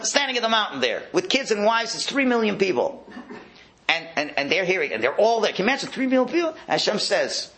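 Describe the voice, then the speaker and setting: In this talk, a rabbi addresses an audience on religious topics with a fairly high voice and a slightly quick pace. Animated throughout, he voices different characters and at times lowers to a whisper.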